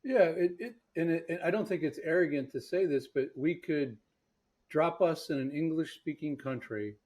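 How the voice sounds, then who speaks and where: A man's voice: fairly high pitch, moderate pace, a little mellow. Emphatic man hosting a sales podcast. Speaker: podcast host, sales coach. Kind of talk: casual conversation.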